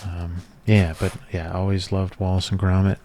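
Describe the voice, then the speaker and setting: A man, talking in a soft-spoken ASMR chat, rambling and casual as he reminisces. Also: low-pitched, completely flat delivery, moderate pace, slight background noise. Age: 30s. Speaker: ASMR creator.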